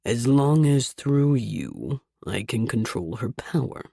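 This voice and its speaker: A woman voicing a ruthless male villain king in an audiobook, low, slow and commanding. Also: very animated, gravelly, warm tone, breathy edge, no echo, studio quality, exaggerated voice. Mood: cold. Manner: cold, commanding. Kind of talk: audiobook character voice.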